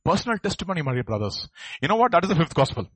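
A man's voice: fairly high pitch, very animated, rapid-fire, a bit bright, husky, dry recording. A man preaching a sermon, acting out quoted voices and building to emphatic outbursts. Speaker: pastor.

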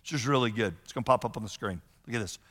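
A man preaching a sermon as a pastor, conversational and animated, often acting out the voices of the people he quotes. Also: mid-range voice, rapid-fire. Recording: long hall reverb.

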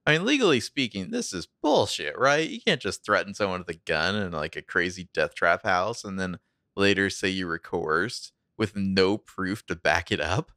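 A man with a very deep voice retelling a TV episode on a recap podcast. He talks in a relaxed, wry way, full of "like" and small laughs. The sound is close and dry. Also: normal speed, no echo. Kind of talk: casual chat, narrating scenes.

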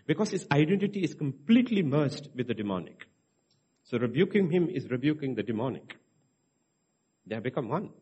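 A man's voice: mid-range voice, a little mellow, breathy edge. A male pastor preaching a sermon, emphatic and checking in with "okay" as he teaches scripture. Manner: emphatic, rising to stress points, frequent "okay" checks.

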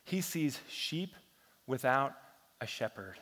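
A man in his thirties preaching a sermon, telling everyday stories and often dropping to a hushed voice for effect. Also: medium pitch, big pitch swings, takes it slowly, big-room sound. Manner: storytelling preacher who drops to a hush for effect. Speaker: pastor.

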